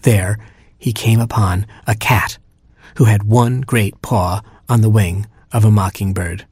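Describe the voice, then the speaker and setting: A man narrating a children's story in a lively, playful reading style. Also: fairly low pitch, measured pace, breathy edge, no echo.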